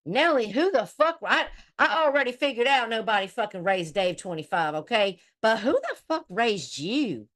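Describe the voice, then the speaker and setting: A woman's voice: on the high side, very animated, moderate pace, few pauses, a bit bright. A middle-aged woman hosting a casual commentary chat, blunt and profane, trash-talking the people she discusses. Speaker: host.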